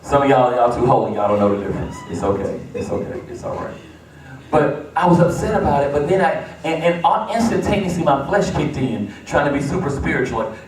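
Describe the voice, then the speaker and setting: A man's voice: medium pitch, lively intonation, brisk. A man preaching a sermon as pastor, building to emphatic repeated refrains in a church sanctuary. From United States. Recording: echoey church, distant mic.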